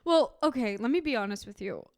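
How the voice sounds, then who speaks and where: A woman's voice: on the high side, animated, a little fast, vocal fry, a little mellow, smooth, dry recording, studio quality. A young adult woman co-hosting a podcast in casual chat, talking candidly and saying "like" a lot. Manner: candid, chatty, heavy use of "like". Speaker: podcast co-host.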